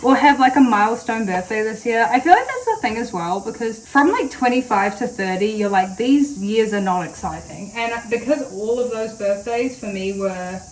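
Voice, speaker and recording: A woman's voice: fairly high pitch, expressive, moderate pace, few pauses, a little hiss or hum, rough recording. A woman, chatting casually to camera in a rambling vlog. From New Zealand. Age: late 20s. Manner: rambling, chatty, with frequent fillers. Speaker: vlogger.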